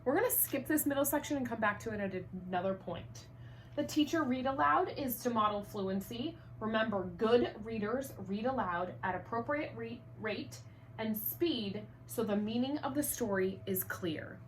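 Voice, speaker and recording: A woman teaching an online first grade reading lesson, upbeat and encouraging, enunciating clearly. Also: fairly high pitch, normal speed, a little hiss or hum.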